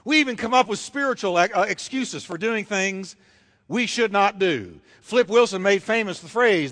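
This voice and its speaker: A male pastor preaching a sermon in a church, emphatic and repetitive with dramatic pauses. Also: high voice, a bit bright, in a large hall. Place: church sanctuary. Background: congregation.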